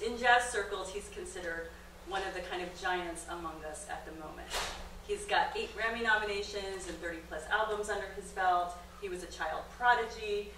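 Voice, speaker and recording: Middle-aged woman telling a funny story at a comedy club, bright voice, acts out the quotes, roomy sound from a distance. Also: a little hiss or hum. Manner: animated storyteller, acts out quotes with big pitch jumps. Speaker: guest lecturer, documentary filmmaker. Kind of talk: comedic storytelling lecture on stage. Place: comedy club stage with audience. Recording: roomy live-venue sound, distant mic.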